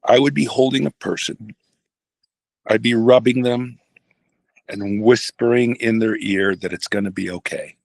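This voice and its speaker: An older man, a retired pastor, telling a personal story in a halting, reflective way with many restarts. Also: fairly low pitch, fairly even intonation, creaky, no echo.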